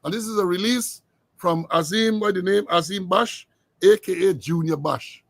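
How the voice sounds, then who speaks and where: A man's voice: high-pitched, normal speed, fairly bright tone, no echo. A man hosting political commentary, emphatic, repeating himself with many fillers. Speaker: host.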